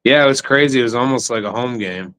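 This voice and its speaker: A man's voice: medium pitch, fast talker, fairly bright tone, smooth. A man co-hosting a sports podcast, blunt and emphatic in casual chat. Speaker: podcast co-host.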